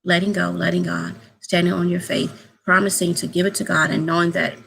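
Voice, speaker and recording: A woman's voice: fairly low pitch, level tone, fairly quick, creaky, fairly bright tone, slightly rough, poor audio. A woman vlogging casually to her subscribers, rambling and hesitant, often repeating herself. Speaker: YouTube vlogger.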